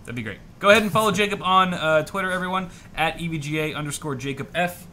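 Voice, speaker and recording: A man's voice: a little high, fast, bright, forceful tone, a little hiss or hum. A man co-hosting a casual, jokey tech chat, rambling through hardware specs. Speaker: co-host.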